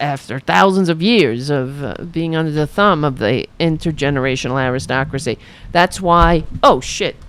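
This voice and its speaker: A woman's voice: deep voice, clean tone. A woman hosting her own political commentary show, speaking in an impassioned, rallying way and repeating slogans.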